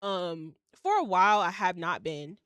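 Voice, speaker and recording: A woman's voice: fairly low pitch, animated, unhurried, a bit bright, no room sound, clean studio sound. A young woman hosting her own podcast in casual solo chat, blunt and candid, laughing at herself as she talks. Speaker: podcast host. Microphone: home setup on shaky wifi.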